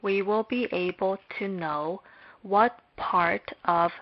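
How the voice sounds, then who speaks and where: A woman giving a slow, scripted lecture on Hebrew, speaking in a measured, deliberate way with long pauses. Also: medium pitch. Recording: dull lo-fi recording.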